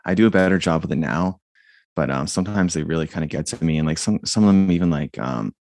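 A man with a monotone voice, chatting casually about his jiu-jitsu videos and the comments he gets, with many fillers and restarts. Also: extremely low pitch, quick pace, no echo. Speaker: jiu-jitsu YouTuber and guest. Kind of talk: casual conversation.

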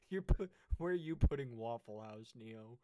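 A young man co-hosting a casual chat, telling a long story with many restarts and getting animated when excited. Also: mid-range voice, measured pace, no echo. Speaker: co-host.

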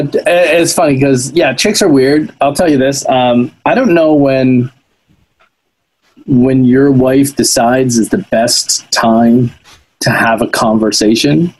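A man's voice: medium pitch, a little mellow, rough recording. A man co-hosting a podcast in casual banter, joking and laughing a lot and restarting his sentences. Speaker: podcast co-host.

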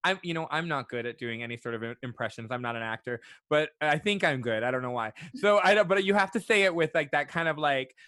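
A man's voice: a little high, expressive, fast talker, hardly any pauses, pushed and bright, no room sound. A man hosting a podcast interview in a casual, chatty way, often restarting his sentences. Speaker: podcast host.

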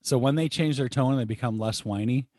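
A man co-hosting a casual podcast, reading a parenting article aloud with relaxed asides. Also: medium pitch, a little fast, dry recording, studio quality. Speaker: podcast co-host. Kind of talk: casual chat.

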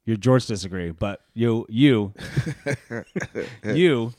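A man's voice: on the low side, drawn-out words, darkish tone, no echo, clean studio sound. A man, co-hosting a casual podcast, joking and teasing with frequent laughs. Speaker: podcast co-host. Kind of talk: casual chat.

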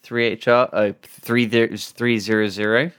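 A man's voice: on the low side, little pitch movement, normal speed, a bit bright, clear, resonant tone. A man hosting a casual podcast, easygoing and dryly joking, with frequent hesitant fillers. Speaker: podcast host. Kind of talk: casual chat.

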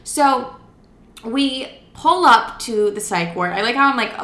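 Bright-voiced young woman telling a story. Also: fairly high pitch, animated, measured pace, roomy sound. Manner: chatty, filler-heavy, swears freely, acts out quotes. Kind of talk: casual personal storytelling.

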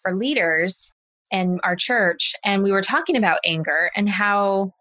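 A woman's voice: medium pitch, a little slow, sharp tone. A woman hosting an interview, chatting loosely and asking long, rambling questions with fillers. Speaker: interview host. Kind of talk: conversational interview.

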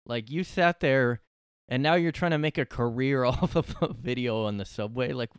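A man's voice: medium pitch, moderate pace, smooth, no echo. Sarcastic ranting man, dry close sound. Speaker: solo podcast host. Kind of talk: casual ranting monologue. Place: his room at home.

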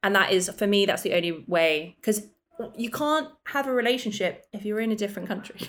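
A woman's voice: medium pitch, fairly bright tone. A young woman co-hosting a podcast, talking in a chatty, open way about relationships. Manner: chatty, emotional, quick asides. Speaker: podcast co-host. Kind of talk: casual chat.

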